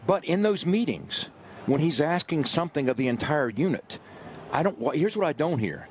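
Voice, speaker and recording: A somewhat high-voiced man breaks down football film in an earnest, explanatory way, his pitch animated and shifting. Faint ambience sits behind him. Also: normal speed, slight background noise. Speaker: football analyst. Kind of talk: sports radio analysis.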